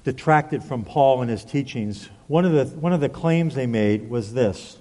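A man's voice: medium pitch, moderate pace, dark tone, long reverb tail. A man preaching a sermon, reading scripture aloud with growing emphasis. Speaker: pastor.

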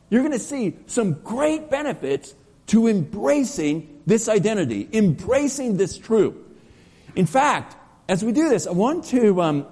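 A man preaching a sermon as pastor, storytelling with energy and dropping to slow, soft emphasis on key words. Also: sits high. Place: church sanctuary. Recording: long church reverb.

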